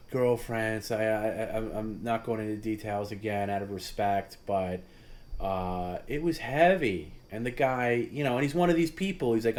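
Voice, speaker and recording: A man with a somewhat low voice talks casually as the host of a livestream. He rambles and stops to restart his sentences, with plenty of fillers along the way. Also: animated. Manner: rambling, halting with many restarts and fillers, laughs at his own story; voice jumps high and loud when mimicking others.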